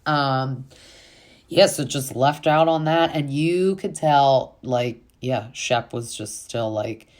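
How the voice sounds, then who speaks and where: Very low-voiced woman recapping TV. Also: takes it slowly, darkish tone. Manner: chatty, filler-heavy, exasperated asides. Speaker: reality TV recap host. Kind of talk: casual recap chat.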